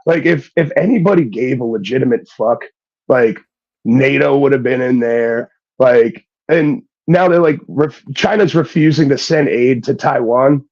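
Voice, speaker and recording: A male comedian guest talks hesitantly, filling gaps with ums and likes. His mid-pitched voice comes through dull, muffled remote audio. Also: measured pace, darkish tone. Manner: hesitant, filler-heavy. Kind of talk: casual comedy chat.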